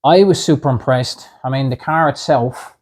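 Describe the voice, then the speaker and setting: A man hosting a casual slot car review, upbeat and pausing often with "um" and "uh". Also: medium pitch, a little mellow. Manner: upbeat, many "um" and "uh" fillers.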